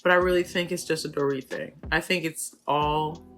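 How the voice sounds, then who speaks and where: A woman hosting a reality TV recap, talking in a chatty, animated way full of fillers. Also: sits low, moderate pace, faint music behind. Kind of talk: casual commentary.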